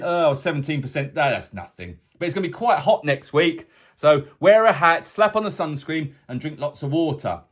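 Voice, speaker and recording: A man presenting a casual weekly weather forecast vlog for a boat tour company, chatty and full of jokey asides. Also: on the high side. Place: indoors, away from the tour base.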